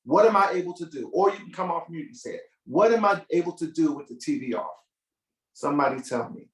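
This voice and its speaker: Playful high man, echoey distant audio. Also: a little fast. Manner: playful and expressive, acts out scenes and asks the audience questions. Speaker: musician teaching kids. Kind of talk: animated storytelling workshop. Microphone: video call. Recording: echoey room audio from far off. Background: piano music.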